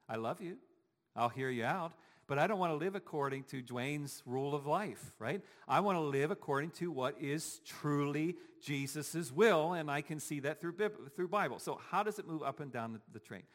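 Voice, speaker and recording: A man's voice: on the high side, a bit bright. A man preaching a sermon as pastor, talking conversationally and often checking in with his congregation. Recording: long hall reverb.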